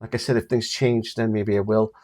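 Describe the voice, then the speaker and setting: A man's voice: fairly low pitch, little pitch movement, brisk, darkish tone. An older man with a Boston accent giving a casual, rambling vlog update, full of ums and easy laughs. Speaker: vlogger.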